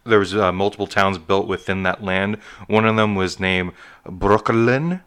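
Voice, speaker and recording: A man's voice: low voice, steady tone, measured pace, a bit bright, clear, resonant tone. A man co-hosting a casual chat, reading history notes aloud with many ums and a rambling manner. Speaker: podcast co-host.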